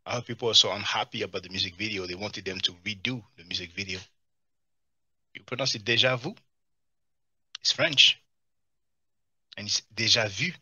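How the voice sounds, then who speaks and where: A man's voice: fairly low pitch, a little fast, pauses often, slightly rough, no room sound, studio quality. A man hosting a live stream, reading chat and mocking the video clips he plays. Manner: mocking, animated, answers chat comments.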